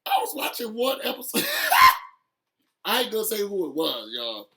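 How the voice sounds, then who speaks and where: A man talks to his viewers in a loose, heartfelt recap of a reality show episode. His voice sits high and bright, and he keeps laughing and pressing his points with feeling. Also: a little fast. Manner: animated, laughing often, talking straight to viewers. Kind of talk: emotional casual recap chat.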